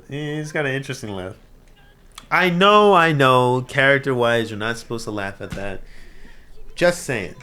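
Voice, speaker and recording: A man talks through an anime episode in loose, casual reaction commentary. His voice sits at an ordinary pitch but swoops widely, dropping to mumbled asides and then jumping up into loud shouted outbursts, often broken by laughter.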